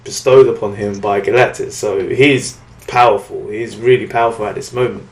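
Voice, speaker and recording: A man's voice: fairly low pitch, steady tone, normal speed. Rambling man recapping comics, echoey room. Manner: rambling, acts out characters' lines. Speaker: podcast co-host. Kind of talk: casual comic book recap.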